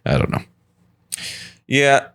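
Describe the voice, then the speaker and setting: A man hosting a solo comedy podcast from his apartment, rambling from joke to joke with quick asides. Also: a bit bright, dry recording, clean studio sound. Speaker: podcast host.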